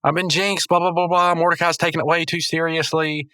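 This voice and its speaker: Cartoon raccoon slacker, young male, whiny and squeaky, as a man does the voice; high, bright, up close. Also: little pitch movement, brisk, clear, resonant tone, no room sound. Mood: pleading.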